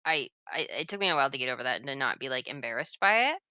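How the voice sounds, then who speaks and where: A woman's voice: rumbling low, expressive, racing, pushed and bright, clear, resonant tone, no echo, lo-fi sound. A woman talking in a casual group chat about a tabletop campaign, explaining things earnestly and carefully. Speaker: dungeon master.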